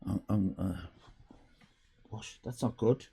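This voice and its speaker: A man's voice: on the low side, takes it slowly, creaky, dark tone, slightly rough. A man hosting a live stream, rambling in casual chat, swearing and breaking off mid-sentence at home. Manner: rambling, swearing, self-interrupting. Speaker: livestream host. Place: home room with cats.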